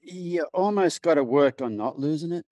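A man in his fifties with an Australian accent, telling relaxed stories as a guest over a remote call. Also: on the high side, normal speed, no echo, dull audio. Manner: laid-back storytelling. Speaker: guest, horse trainer. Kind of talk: casual conversation.

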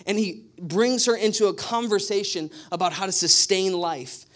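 A man preaching a sermon, telling stories with animated, emphatic repetition. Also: high voice, normal speed. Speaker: pastor.

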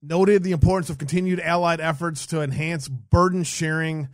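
A man's voice: on the high side, fairly even intonation, normal speed, dry recording, clean studio sound. A man co-hosting a casual political livestream, reading headlines aloud and mocking them with sarcastic, profane asides. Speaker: podcast co-host.

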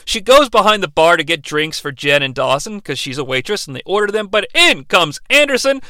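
A man co-hosting a podcast gives a rambling, sarcastic recap of a TV episode, acting out the characters' lines. His high voice is very animated and sharp, at a fairly quick pace. There's no room sound.

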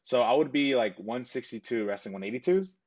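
Recounting something that happened to him, a young man being interviewed rambles earnestly, packing in fillers and quoting what he and others said. His medium-pitched voice is expressive, brisk and darkish in tone, captured in lo-fi audio.

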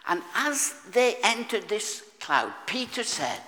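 A male pastor preaching a sermon in a church, often clearing his throat between phrases. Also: high-pitched, big pitch swings, drawn-out words, long pauses, pushed and bright, big-room sound.

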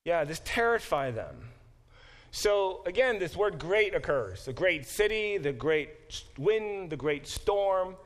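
A man's voice: high-pitched, very animated, a little slow. Bible professor, man, middle-aged, easygoing explainer in class. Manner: conversational, explains terms step by step. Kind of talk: classroom lecture.

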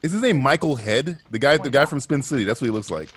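Husky man riffing on a movie. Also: mid-range voice, expressive, fast, a bit bright. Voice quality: husky, profane, joking. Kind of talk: casual crude movie commentary.

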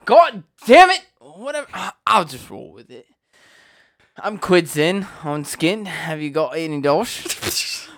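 Man playing a slang-spouting gangster husband with a mock British accent, gravelly and lively in pitch. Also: slow, no room sound, studio quality, full character voice. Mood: exasperated. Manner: exasperated, slang-heavy. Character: gruff young gangster husband. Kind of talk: comedic parody reading with friends.

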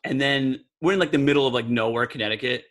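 A man's voice: medium pitch, fast talker, a bit bright. A young man telling a long story in casual chat, rambling and packing every phrase with "like". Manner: rambling, heavy use of "like". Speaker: podcast co-host.

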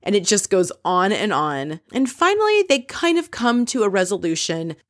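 A woman's voice: mid-range voice, very animated, normal speed, no room sound, clean studio sound. A woman casually recapping a reality show episode, opinionated and candid, swearing freely as she quotes what others said.

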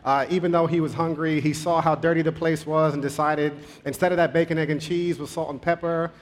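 A man preaching a sermon, telling a story conversationally with pace that speeds up and slows down. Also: fairly high pitch, steady tone.

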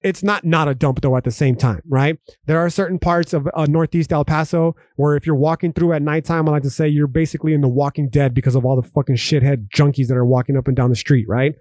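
A man's voice: a little high, steady tone, quick pace, few pauses, darkish tone, no echo, clean studio sound. A young man from Texas hosting a solo podcast, ranting emphatically with heavy profanity and frequent restarts. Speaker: podcast host. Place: home room.

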